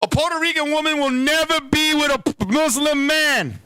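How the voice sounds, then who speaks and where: A man hosting a comedy show, ranting loudly and brashly, swearing freely and sometimes breaking into chants. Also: extremely high pitch, normal speed, no echo. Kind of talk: comic rant.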